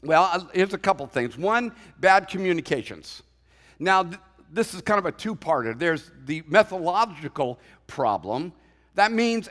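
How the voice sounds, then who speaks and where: A man's voice: sits high, fairly bright tone. A man preaching a sermon as pastor, conversational and joking, acting out quotes as he goes. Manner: conversational preaching with humorous asides and acted quotes. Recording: long hall reverb.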